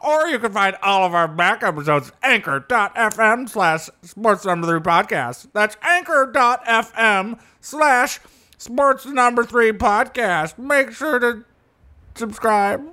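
A man's voice: high voice, animated, takes it slowly, bright, forceful tone, pitched above the performer's own voice, heavily acted. A man voicing a creepy, upbeat male announcer who reads contact details in a sing-song way with ominous asides. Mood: eerie promo. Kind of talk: comedy podcast bit.

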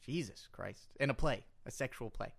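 A podcast co-host in casual comedic chat, excitable and playful, swearing freely. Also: mid-range voice, moderate pace, gravelly, husky.

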